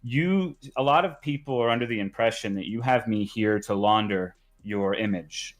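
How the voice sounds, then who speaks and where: Man, podcast guest, earnest and deliberate, lowish voice, casual talk. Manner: earnest, deliberate, airing grievances. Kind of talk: casual conversation.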